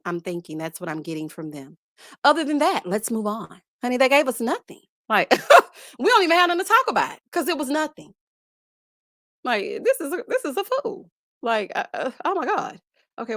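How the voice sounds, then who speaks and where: Sassy, animated Southern woman streamer. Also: on the high side, no room sound, clean studio sound. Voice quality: lively, sassy, laughs loudly. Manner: animated, talks to viewers with honey and child. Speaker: host. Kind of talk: casual live-stream chat reading comments.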